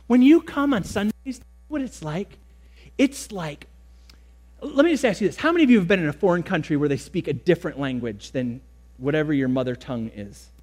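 Young pastor preaching, high voice, leans hard on words then rushes asides. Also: male voice. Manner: emphatic preaching, shifts between quick asides and slow stressed words. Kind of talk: sermon.

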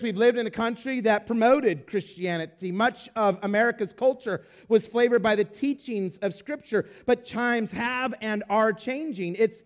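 A man preaching a sermon, telling a story with acted-out dialogue. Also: high voice. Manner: animated storyteller acting out dialogue.

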